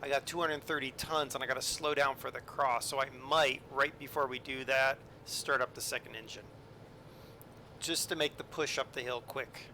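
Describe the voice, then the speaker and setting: A man's voice: mid-range voice, fairly even intonation, normal speed, bright, forceful tone, a little hiss or hum. A man streaming a train game, chatting casually and joking with his viewers, with lots of ums and asides. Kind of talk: casual live-stream commentary.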